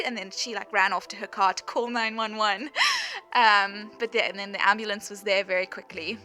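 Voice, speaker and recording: A South African vlogger in her twenties chats through a storytime voice-over, saying "like" constantly and laughing often as she tells it. Her mid-range voice is quick and sharp with fairly even intonation, over faint background music.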